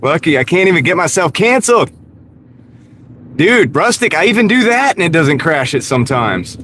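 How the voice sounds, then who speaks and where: Speaking from the driver's seat, a gig delivery worker streams live with a slightly high, fairly bright voice that swings widely in pitch at a moderate pace. He jokes, teases himself, and says hello to viewers by name, with road noise running underneath.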